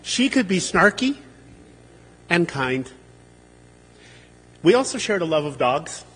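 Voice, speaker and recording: A man's voice: a little high, takes it slowly, long reverb tail, a little hiss or hum. A man giving a humorous, anecdotal eulogy for a friend and colleague at a memorial service, livening his stories by acting out what people said. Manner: humorous, animated when quoting others.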